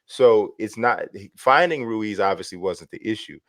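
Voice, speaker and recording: Low-voiced male co-host, loose and chatty, frequent restarts, close dry sound. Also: expressive, normal speed, fairly bright tone, dry recording. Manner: rambling, laughs a lot, self-interrupting. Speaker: boxing podcast co-host. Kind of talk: casual sports chat.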